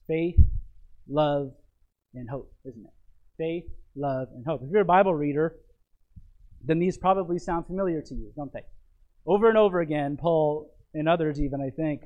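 High-voiced man preaching with emphatic repetition. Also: darkish tone, dull audio. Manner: emphatic, repeats key phrases, asks rhetorical tag questions. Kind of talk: sermon.

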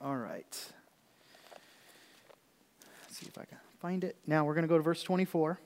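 A man's voice: on the high side, fairly even intonation, moderate pace. A male pastor in his thirties preaching a sermon in a church, often asking the congregation questions. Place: church sanctuary. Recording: reverberant church hall.

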